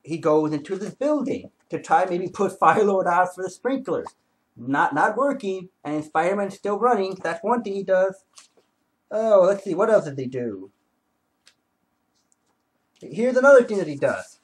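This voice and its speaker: A man excitedly retelling a comic book story in a casual review, with frequent restarts and asides. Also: high voice, moderate pace, poor audio. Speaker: comic book video host.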